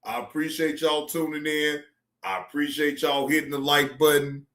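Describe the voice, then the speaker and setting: A man's voice: fairly high pitch, little pitch movement, normal speed, fairly bright tone, roomy sound. A man hosting a casual live-stream reaction show, who laughs often, swears freely and repeats himself.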